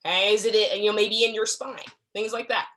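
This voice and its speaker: Bright-voiced woman giving a staff talk. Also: medium pitch, steady tone, fairly quick. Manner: conversational, frequent "okay?" check-ins; acts out quoted exchanges. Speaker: workplace trainer.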